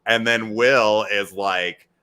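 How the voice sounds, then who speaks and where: A man co-hosting a casual reality TV recap, talking animatedly and jumping into high mocking voices when he quotes people. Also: steady tone, takes it slowly, pushed and bright, clean tone. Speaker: co-host of a reality TV recap show.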